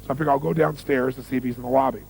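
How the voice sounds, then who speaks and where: Very gravelly man at a seminar. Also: mid-range voice, steady tone, rapid-fire, darkish tone, a little hiss or hum, rough recording. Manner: emphatic, repeats key phrases, questions the audience. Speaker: motivational speaker. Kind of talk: seminar talk with stories.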